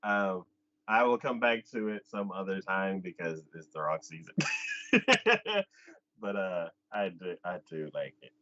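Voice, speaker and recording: A man hosting an anime podcast, retelling an episode in casual chat, jumping into high squeaky voices for the characters and laughing often. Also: big pitch swings, unhurried, sharp tone, muffled recording, slight background noise.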